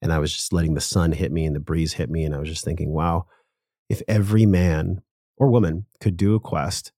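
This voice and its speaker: A man's voice: low voice, warm tone, no room sound, studio quality. A man as a podcast guest, telling a personal story in an earnest, emotional, casual way with some swearing.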